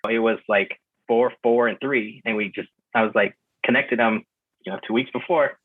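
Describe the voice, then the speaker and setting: A man calls in to a podcast and tells his story in a loose, rambling way, full of fillers and restarts. His voice is slightly husky and comes through a narrow, phone-like line with a dry sound. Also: medium pitch, moderate pace, no echo. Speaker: guest. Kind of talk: casual conversation recounting a trip. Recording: muffled phone-line call.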